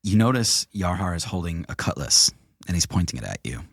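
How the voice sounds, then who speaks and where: Low-voiced man running a tabletop game. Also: a little hiss or hum. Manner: relaxed, halting narration with fillers. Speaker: game master.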